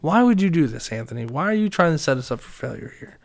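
A young man casually telling a story, swearing often and loudly acting out his friends' lines. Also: on the high side, very animated, quick pace, creaky. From Reading, Pennsylvania.

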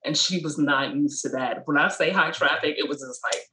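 A woman tells stories from her small business and her life as a mother, acting out quotes in a much higher voice. Her voice is bright and forceful, with an easy casual flow. The sound carries a roomy echo. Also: brisk. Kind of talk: casual interview storytelling.

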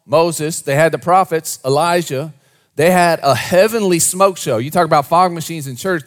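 The speaker is a pastor addressing his congregation in a sermon. Low, quiet asides give way to raised, energetic storytelling and back again.

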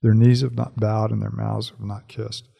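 A man praying, reading scripture aloud, and then reflecting on it in an unhurried, hesitant way with many fillers. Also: fairly low pitch, little pitch movement, gravelly, slightly rough, dull audio. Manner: unhurried, hesitant with fillers when speaking freely.

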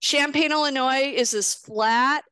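A woman guest on a podcast, a retired athlete, telling her story with lively, acted-out reactions. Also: high voice, measured pace, no echo. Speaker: guest, retired wheelchair racer.

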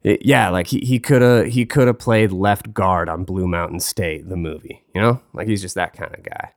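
A man's voice: deep voice, normal speed, dry recording, clean studio sound. A man hosting a casual solo talk, rambling and joking crudely, his voice stuffy from a cold. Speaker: podcast host.

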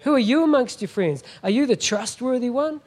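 A man's voice: extremely high pitch, animated, a little fast, breathy edge. A middle-aged man preaching a sermon as a guest pastor, emphatic and often asking the congregation "Amen?".

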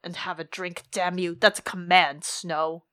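A woman voicing a gruff old male military commander who rumbles and grumbles his orders. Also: level tone, a little slow, a bit bright, no room sound.

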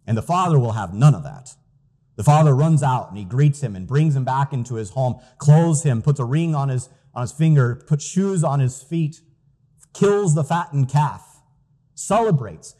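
A man's voice: a little high, mellow. A man preaching a sermon as pastor, earnest and emphatic, reading out scripture quotes.

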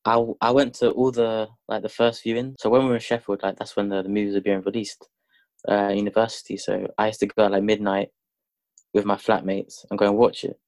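Brief: relaxed podcast host, dry close sound. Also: male voice, lowish voice, brisk, no room sound. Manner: laid-back, teasing, steers the talk. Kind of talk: casual chat.

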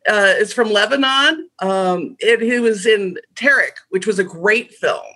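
Bright, husky-voiced woman in a podcast chat. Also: medium pitch, unhurried, rough recording. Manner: laughing, chatty opinions with fillers. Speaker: podcast co-host. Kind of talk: casual chat.

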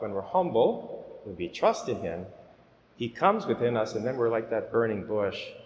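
A man preaching a homily at Mass as a priest, speaking in an earnest, gently exhorting way. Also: medium pitch. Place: church. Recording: echoey church with long reverb.

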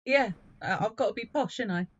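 A woman's voice: fairly high pitch, brisk, lo-fi sound, background noise. A young woman, a podcast guest, chatting in a down-to-earth way with lots of laughter. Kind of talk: casual chat.

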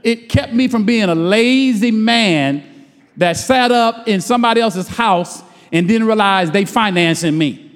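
High-voiced man preaching in a hall. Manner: emphatic call-and-response preaching, slows and stretches words for emphasis; folksy, colloquial speech. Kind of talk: sermon.

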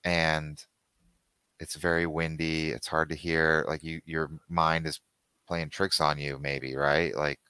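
A man with a low voice runs a tabletop game, describing scenes in a casual, loose storytelling way. His tone is bright and crisp, and the recording is dry and close. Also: level tone, slow, no echo. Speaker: game master.

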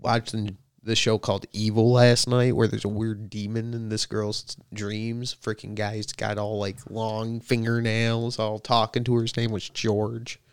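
Brief: young male co-host, gravelly voice, dry close sound, casual teasing banter. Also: fairly low pitch, little pitch movement, measured pace, hardly any pauses, no room sound. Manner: joking, swearing, teasing. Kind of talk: casual chat.

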